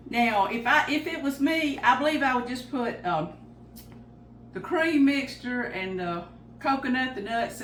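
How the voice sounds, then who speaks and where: A woman's voice: fairly high pitch, a little hiss or hum. An older woman with a Southern US accent hosting a homespun cooking show, talking in a folksy, chatty way in her home kitchen. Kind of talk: casual cooking demonstration. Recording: echoey kitchen room.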